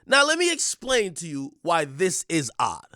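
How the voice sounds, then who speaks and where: A man's voice: a little high, wildly swooping pitch, unhurried, sharp tone, dry recording, studio quality. A man hosting a commentary show, talking bluntly and emphatically straight to his viewers. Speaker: commentary host. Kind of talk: casual commentary monologue.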